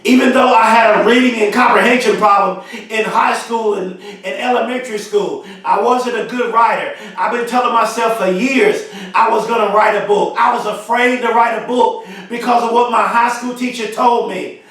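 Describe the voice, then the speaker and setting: A man giving a motivational speech, emphatic and repetitive, stretching key phrases slowly for emphasis. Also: very high voice, fairly even intonation, a bit bright. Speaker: motivational speaker. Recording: very echoey room, mic far off.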